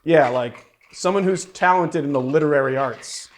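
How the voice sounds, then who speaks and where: A young man's fairly high voice, at a moderate pace, hosts a casual cocktail show. He's the bartender host, chatting in a playful, rambling manner with plenty of fillers.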